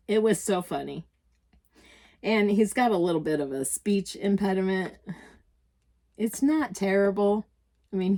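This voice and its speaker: A woman's voice: medium pitch, a little mellow. An older woman with a Midwestern American accent, chatting casually while crafting, rambling through stories, laughing often and correcting herself. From United States. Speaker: crafting vlogger.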